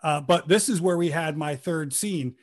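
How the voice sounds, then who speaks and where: Animated, swearing man telling stories. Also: a little high, normal speed. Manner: animated, profane storytelling. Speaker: guest actor recalling a role. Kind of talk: casual podcast chat.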